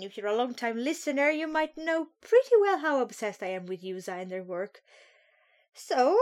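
A woman hosting a podcast in casual, self-deprecating chat, her speech a little slurred from a sore mouth. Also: sits high. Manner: chatty, self-deprecating, animated asides. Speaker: podcast host.

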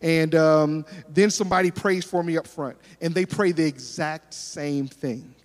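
High-pitched guy preaching, acts out all the voices in his stories, big echoey church. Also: unhurried. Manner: animated, acts out dialogue in stories. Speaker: pastor. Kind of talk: sermon with storytelling. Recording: long reverb of a large hall.

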